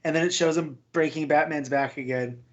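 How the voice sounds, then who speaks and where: A man co-hosts a comics podcast in a casual, blunt way and speaks his mind. His voice sits a bit high, and the recording sounds muffled and lo-fi. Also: steady tone, fairly quick. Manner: opinionated, blunt. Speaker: podcast co-host. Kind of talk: casual chat.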